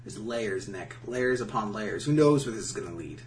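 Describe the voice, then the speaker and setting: A man's voice: lowish voice, animated, normal speed. A man co-hosting a casual podcast, joking and teasing his co-host as they talk. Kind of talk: casual chat. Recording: slightly distant mic with faint hum.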